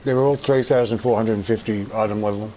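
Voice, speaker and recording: A man's voice: on the low side, fairly even intonation, fast talker, warm tone, slight background noise. A middle-aged man streaming a game, rambling casually about his gear and occasionally swearing. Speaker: gaming livestreamer. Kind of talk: casual gameplay commentary.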